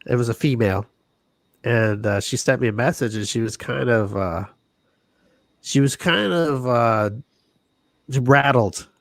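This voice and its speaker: A man's voice: medium pitch, a little slow, long pauses, no echo, clean studio sound. A man hosting a casual podcast chat, rambling, restarting his words and laughing often. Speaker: podcast host.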